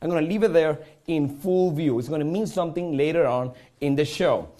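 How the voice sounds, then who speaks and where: A man's voice: on the high side, a little fast, mellow. A man from Puerto Rico with a Puerto Rican accent, performing a live magic show on a studio stage and joking theatrically with the audience.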